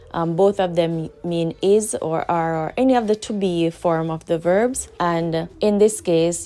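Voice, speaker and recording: A woman with a Jamaican accent teaching a language lesson, patiently repeating each example sentence slowly. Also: lowish voice, mellow.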